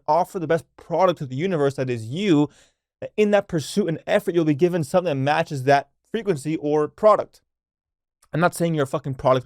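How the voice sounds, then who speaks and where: A man's voice: on the high side, a little mellow, no echo, studio quality. A young man hosting a solo podcast, talking casually and bluntly with plenty of swearing. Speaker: podcast host.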